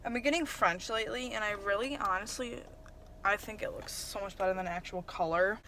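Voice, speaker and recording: A woman's voice: mid-range voice, brisk, sharp tone, slight background noise. A young woman chatting casually for her vlog from her car and a car wash, flustered and full of "like" and "literally". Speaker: vlogger.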